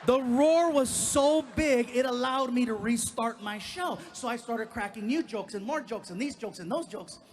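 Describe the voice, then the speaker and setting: Male stand-up comic, unusually high voice, animated storyteller, live theater stage. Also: normal speed, few pauses, a faint crowd. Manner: animated, acts out voices of others. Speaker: stand-up comedian.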